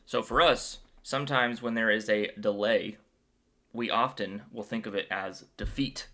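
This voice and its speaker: Upbeat, bright-voiced man joking through scripture. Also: fairly low pitch, steady tone, unhurried. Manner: playful and joking; upbeat and enthusiastic. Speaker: Bible video host. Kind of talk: casual Bible commentary.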